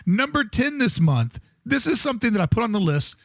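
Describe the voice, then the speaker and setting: A man co-hosting a casual podcast chat, animated and jokey, swearing freely. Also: extremely high pitch, brisk, no room sound, studio quality. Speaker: podcast co-host.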